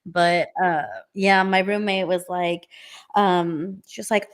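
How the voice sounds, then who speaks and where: A woman's voice: medium pitch, fairly even intonation, normal speed. A woman co-hosting a podcast, chatty and candid, telling stories with laughs. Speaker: podcast co-host. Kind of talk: casual chat.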